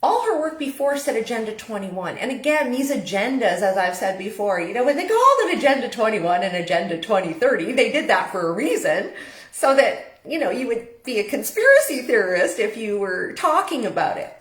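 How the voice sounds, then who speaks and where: A woman's voice: on the high side, sing-song, fairly quick, reverberant. A woman from Canada hosting her own online show, chatty and meandering with frequent fillers. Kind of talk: casual live-stream talk.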